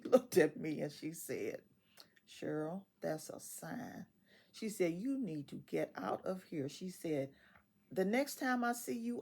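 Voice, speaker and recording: Low gravelly woman in her sixties. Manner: animated, quotes others in dialogue; laughs often while telling. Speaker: retiree storyteller. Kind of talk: casual storytelling.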